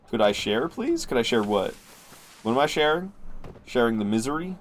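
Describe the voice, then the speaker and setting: A man's voice: mid-range voice, sing-song, moderate pace, faint music behind. A man streaming a video game, rambling and joking through casual commentary and swearing freely.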